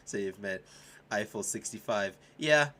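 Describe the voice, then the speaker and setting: Excitable, profane young male streamer. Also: lowish voice. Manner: excitable and profane, laughs often and shouts at chat. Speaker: streamer and music composer. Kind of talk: casual livestream chat.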